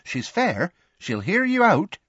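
A man's voice: sits high, huge pitch swings, slow pace, fairly bright tone, breathy edge, dry recording, pitched above the performer's own voice, full character voice. A man voicing a tired young witch who yawns and stammers drowsily, in a dull lo-fi recording. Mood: earnest.

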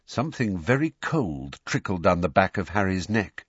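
Guy reading a story, deep husky voice, kinda muffled dry recording. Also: moderate pace, few pauses, no room sound. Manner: expressive, even-paced storytelling. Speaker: audiobook narrator. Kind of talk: scripted narration.

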